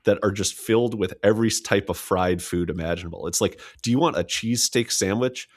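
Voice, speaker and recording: A man's voice: fairly low pitch, fairly quick. A man co-hosting a casual podcast, giving enthusiastic, joking restaurant recommendations. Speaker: podcast co-host. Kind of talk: casual chat.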